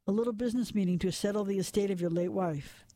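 A man's voice: high voice, fast, mellow, no echo, close to an everyday voice. A man voicing a cruel older male blackmailer with a cold, taunting manner in a noir storybook reading.

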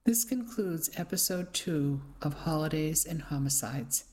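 A radio reading-service reader narrating a first-person novel in a dry, even storytelling manner. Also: mid-range voice, measured pace. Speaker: audiobook reader.

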